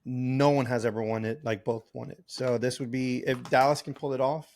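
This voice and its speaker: A man's voice: mid-range voice, steady tone, fairly quick, darkish tone. A man co-hosting a podcast in casual chat, rambling with fillers and restarts. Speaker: podcast co-host.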